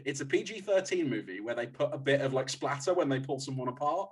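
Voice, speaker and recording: A man on a film podcast panel, talking in an animated, exasperated way in casual roundtable chat. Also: mid-range voice, fast talker, breathy edge.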